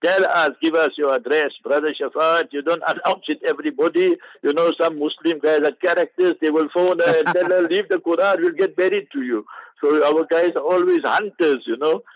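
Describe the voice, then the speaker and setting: A South African man, a mufti, answering listeners' questions on radio in a lively, preachy way with playful wordplay. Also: a little high, normal speed, few pauses, no echo, lo-fi sound.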